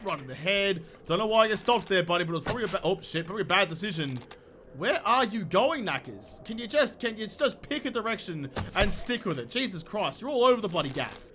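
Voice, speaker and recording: A man doing let's play commentary, excitable and sweary, talking to the enemies he fights, his voice a little off from being sick. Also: high-pitched, quick pace, few pauses, noisy background. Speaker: gaming YouTuber.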